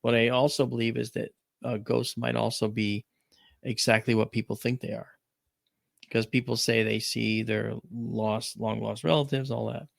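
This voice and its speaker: Gravelly-voiced man telling a story. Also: medium pitch, little pitch movement, moderate pace, no echo, studio quality. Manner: rambling, emphatic, with restarts. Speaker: radio show host. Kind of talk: casual storytelling chat.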